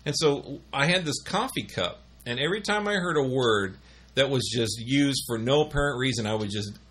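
A man's voice: medium pitch, lively intonation, moderate pace, fairly bright tone, breathy edge. A middle-aged man casually telling rambling office stories, full of fillers and restarts. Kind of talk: casual storytelling chat.

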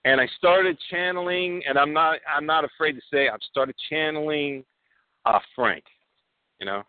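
Male caller who rambles with fillers, slightly high, dry phone sound. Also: moderate pace, dry recording. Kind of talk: casual boastful storytelling. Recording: tinny phone line, dry.

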